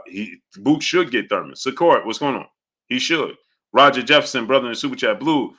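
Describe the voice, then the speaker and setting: A man hosting a live boxing chat stream who reads super chats, argues with viewers and keeps demanding yes-or-no answers. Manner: argumentative, repeatedly demanding answers; greets chatters in a low, quiet aside. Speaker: boxing talk show host.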